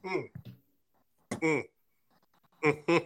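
A man co-hosting a podcast in casual chat, adding quick jokes and agreeing interjections. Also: a little high, no echo. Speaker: podcast co-host.

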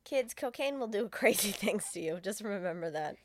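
A woman's voice: medium pitch, lively intonation, moderate pace, no room sound. A woman co-hosting a podcast, reacting to a movie recap with sarcastic jokes. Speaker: podcast co-host. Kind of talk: casual movie chat.

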